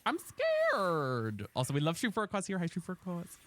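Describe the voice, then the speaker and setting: A woman chatting casually with viewers while streaming a game, playful and quick to thank people for gifts, just over an ear and respiratory infection. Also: lowish voice, slight background noise. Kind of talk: casual live-stream chat while gaming.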